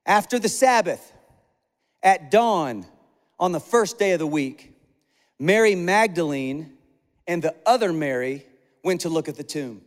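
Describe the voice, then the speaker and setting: A man pastor delivering an energetic, conversational sermon, piling up repeated phrases for emphasis. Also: high voice. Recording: long hall reverb.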